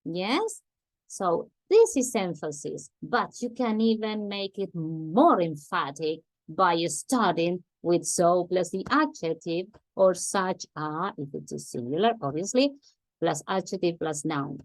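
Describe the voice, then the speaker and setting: Woman, English teacher, unhurried, dry close sound, patient repetition. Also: fairly low pitch, lively intonation, dry recording. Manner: patient, repeats examples slowly, checks with "Yes?". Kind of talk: grammar lesson.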